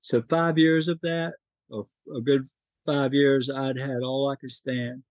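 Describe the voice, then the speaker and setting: A man's voice: medium pitch, steady tone, a little slow, no room sound, rough recording. A middle-aged man from North Carolina, a podcast guest telling his life story in an emotional, earnest way.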